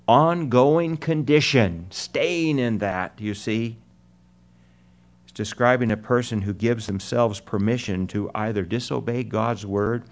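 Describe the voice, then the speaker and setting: A man preaching a sermon, explaining a Bible verse earnestly with repeated words and slow emphatic phrases. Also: medium pitch. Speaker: pastor.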